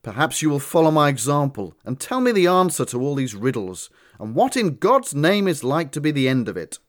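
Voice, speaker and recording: A man playing a young gentleman held prisoner, gloomy and bewildered, in a dramatic audiobook reading. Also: fairly high pitch, sing-song, brisk. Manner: gloomy, puzzled.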